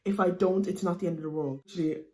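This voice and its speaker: A woman's voice: on the low side, quick pace, echoey room. A young Irish woman in her late teens, chatting casually and animatedly to camera as a student vlogger. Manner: chatty, animated, with lots of fillers like "you know what I mean".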